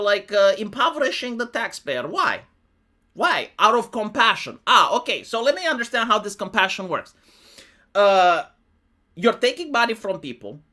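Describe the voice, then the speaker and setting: A man's voice: sits high, bright, forceful tone. A man from Romania, a live streamer who delivers political commentary as a monologue, full of sarcastic rhetorical questions he answers himself.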